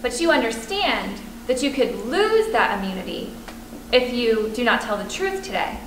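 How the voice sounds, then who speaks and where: A woman's voice: fairly high pitch, expressive, moderate pace. A woman law student practicing a cross-examination, asking firm, pointed questions. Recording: echoey room with background noise.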